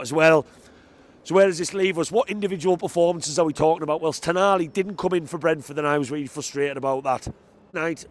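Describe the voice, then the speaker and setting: A man recording a post-match fan reaction vlog outdoors near a football stadium, talking into a handheld microphone in an excitable, chatty, emphatic way. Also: a little high.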